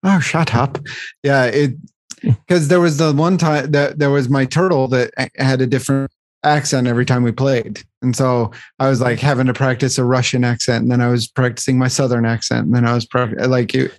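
A man's voice: medium pitch, steady tone, fairly quick, no echo, clean studio sound. A man co-hosting a casual podcast about tabletop gaming, rambling and laughing at himself. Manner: rambling, laughs often, self-deprecating. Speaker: podcast co-host, dungeon master. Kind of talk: casual chat.

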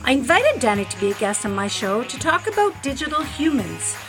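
A woman's voice: high-pitched, very animated, a little fast, music in the background. A woman hosting a branding podcast, reading a scripted intro and then chatting upbeat with a guest. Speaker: podcast host. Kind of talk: scripted intro then casual interview chat.

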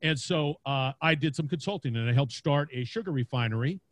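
An energetic man with a big booming voice, chatting casually in a podcast interview and laughing often. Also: fairly quick, no echo. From Louisiana, United States. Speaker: podcast host and guest. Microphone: podcast mic.

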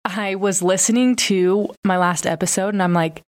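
Congested and nasal because of a broken nose, this twenty-something podcast host speaks in a mid-range voice with fairly even intonation at a moderate pace. She chats candidly and casually, using plenty of fillers and swear words.

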